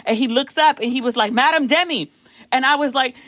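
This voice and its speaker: A woman from the United States hosting a podcast, telling a story casually and acting out the quotes with big jumps in pitch. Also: brisk, a bit bright, no room sound, clean studio sound. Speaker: podcast host.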